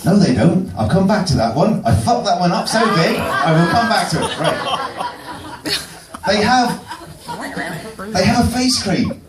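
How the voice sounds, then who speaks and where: A man's voice: high voice, animated, unhurried, long pauses, a crowd in the background. A man doing a topical stand-up set in a pub, dry and self-deprecating, often chuckling at himself. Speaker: stand-up comedian. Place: pub comedy venue. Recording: roomy distant pub mic with noise.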